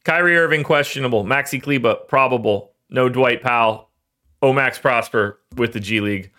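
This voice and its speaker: A man's voice: medium pitch, normal speed, pushed and bright. Young male host, casual and rambling, self-mocking, voice cracking with emotion. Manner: rambling, self-deprecating, emotional about his team. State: voice cracking, choked up. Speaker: fantasy sports podcast host. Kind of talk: casual solo livestream talk.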